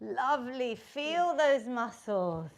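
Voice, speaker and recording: A woman's voice: fairly high pitch, expressive, slow pace. A woman leading a live online workout class, encouraging her group and counting the reps aloud. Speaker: fitness instructor.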